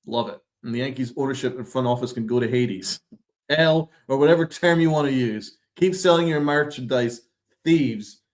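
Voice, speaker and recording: A man's voice: medium pitch, normal speed, a little mellow. A man hosting a sports podcast, ranting with sarcastic, exasperated, profane commentary. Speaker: podcast host.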